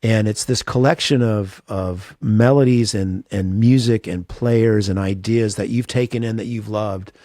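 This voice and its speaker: Mellow-voiced man musing as an interview guest. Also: on the low side, steady tone, measured pace, hardly any pauses, no room sound, clean studio sound. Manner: earnest, self-deprecating, many restarts. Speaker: guest guitarist. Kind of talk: reflective interview talk.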